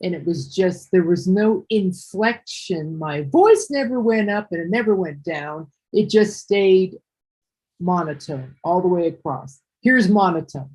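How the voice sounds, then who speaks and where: A woman's voice: fairly low pitch, animated, a little mellow, husky, rough recording. A woman teaching English one-on-one, explaining patiently and going back over her words. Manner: patient, explains slowly with repeats and restarts. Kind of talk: one-on-one online ESL lesson.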